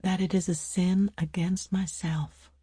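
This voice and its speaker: A woman voicing a quiet, firm young woman in a storybook reading, speaking low but clearly. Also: expressive, measured pace, no echo, clean studio sound. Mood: earnest.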